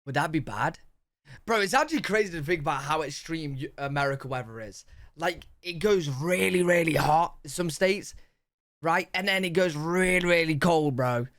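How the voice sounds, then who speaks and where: A man hosting a reaction video, talking in slangy, excitable, rambling casual commentary. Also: fairly high pitch, normal speed. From United Kingdom.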